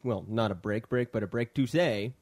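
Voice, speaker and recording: A man's voice: medium pitch, moderate pace, darkish tone. Male podcast host, casual film chat, rambling, jokey, restarts often.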